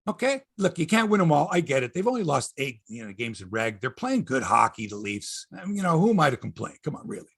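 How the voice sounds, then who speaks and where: A man's voice: a little high, very animated, quick pace, vocal fry, few pauses, a bit bright, husky. A middle-aged Canadian man hosting a sports podcast, chatting casually in a rambling, profane, wry way. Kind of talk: casual chat.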